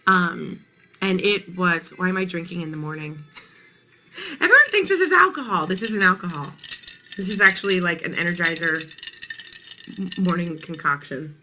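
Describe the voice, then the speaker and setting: A woman's voice: fairly low pitch, lively intonation, moderate pace, long pauses, sharp tone, a little hiss or hum, poor audio. A woman in her thirties hosting a casual morning live stream, chatting playfully with viewers while her voice sounds tired.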